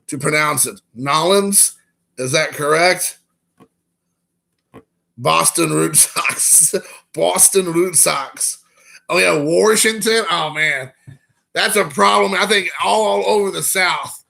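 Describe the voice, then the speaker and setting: A man hosting a live stream and chatting loosely with viewers, rambling from one story to the next. His voice is bright and sharp, with a gravelly crackle running through it. It sits a little high for a man. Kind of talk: casual chat with viewers.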